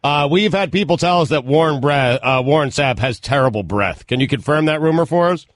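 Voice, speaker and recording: A man's voice: on the high side, expressive, a little fast, dry recording. A male radio co-host asking a guest a joking question. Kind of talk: casual radio talk.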